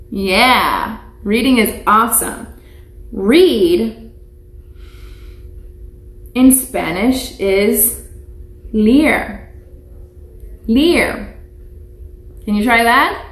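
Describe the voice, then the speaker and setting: A woman's voice: a little high, animated, drawn-out words, pauses often. A woman teaching young children in a live online lesson, speaking patiently and repeating each word for them to echo. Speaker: preschool teacher. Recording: echoey room.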